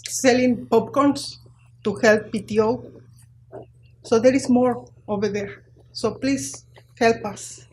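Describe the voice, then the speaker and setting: A woman speaks slowly and deliberately in halting English, her voice sitting a little high. She pleads and apologizes in turn during a public comment at a school board meeting, with a faint hum of room noise behind her. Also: a little mellow, low-quality recording. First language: Spanish.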